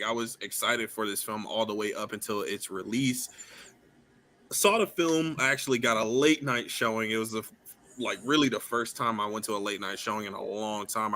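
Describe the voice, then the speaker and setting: A young man co-hosts a casual movie review chat with a bright, mid-pitched voice. He sounds laid-back and enthusiastic, dropping in words like "yo" and "man".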